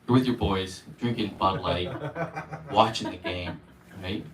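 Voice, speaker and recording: A man's voice: deep voice, a little slow, slight background noise. A man doing a stand-up set, telling stories and acting out the voices of people in them. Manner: animated storytelling, acting out voices. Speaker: stand-up comedian. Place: comedy club stage. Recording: echoey club from far off. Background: audience laughter.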